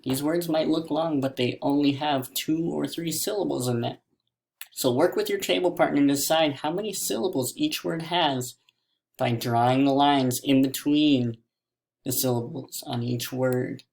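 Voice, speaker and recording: A man teaching a classroom mini lesson, stretching words out slowly syllable by syllable. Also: on the high side, creaky, darkish tone.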